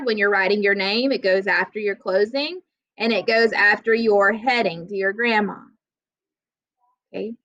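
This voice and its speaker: A woman teaching a classroom grammar lesson, plainly explaining rules and slowly reading out example sentences. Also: medium pitch, bright, forceful tone, no echo, muffled recording.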